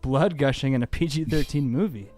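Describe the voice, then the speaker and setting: Guy on a movie podcast, rambly and excited, says like a lot, faint music in the back. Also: mid-range voice, brisk, no echo. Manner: rambling, enthusiastic, lots of "like". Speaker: podcast co-host. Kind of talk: casual movie review chat.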